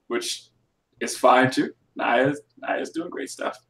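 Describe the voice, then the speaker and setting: A man's voice: mid-range voice, huge pitch swings, slow, gravelly, a bit bright, slight background noise. A man co-hosting a podcast, chatting casually about wrestling with blunt, profane jokes. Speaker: podcast co-host.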